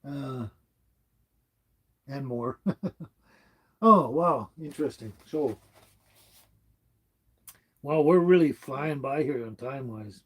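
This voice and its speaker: A man's voice: mid-range voice, takes it slowly, long pauses, a bit bright, husky. A man in his seventies from Canada hosting a casual livestream, rambling along as he reads out viewers' comments. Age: 70s. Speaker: livestream host. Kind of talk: casual live-stream chat.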